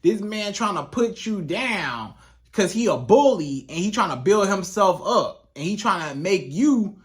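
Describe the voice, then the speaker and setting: This relationship coach offers casual advice to camera, stressing ideas by repeating them. The medium-pitched voice is expressive and moves a little slowly.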